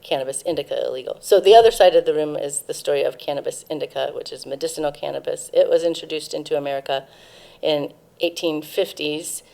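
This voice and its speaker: Low, gravelly-voiced woman. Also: fast talker, warm tone. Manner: informative, frequent ums and restarts. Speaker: cannabis museum guest. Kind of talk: casual interview, explaining history.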